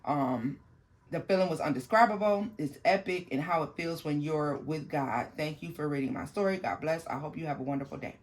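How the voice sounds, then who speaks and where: A tarot channel host reading a viewer's paranormal story aloud, haltingly, with restarts and asides to the viewers. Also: medium pitch.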